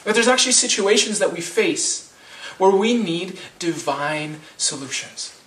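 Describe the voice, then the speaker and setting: Man in his thirties, pastor giving a sermon, chatty restarting delivery, slightly high voice, roomy sanctuary sound. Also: animated, measured pace, a bit bright, recorded from a distance. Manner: conversational, with frequent restarts and rhetorical "right?".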